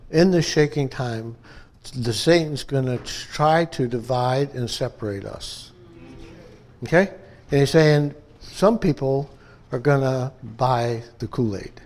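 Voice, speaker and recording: Speaking in a medium-pitched, slightly mellow voice, an upstate New York pastor gives his church a conversational sermon. He keeps checking in with the congregation, asking "okay?" and "amen?".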